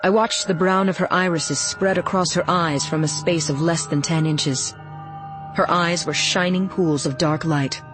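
A woman reading a first-person novel aloud in a steady, even storytelling voice. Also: lowish voice, measured pace, music in the background. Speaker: audiobook narrator.

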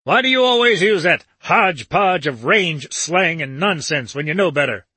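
A man's voice: a little high, animated, measured pace, sharp tone, no room sound, heavily acted. A man voicing an irritable, dyspeptic little older man who snaps out indignant questions.

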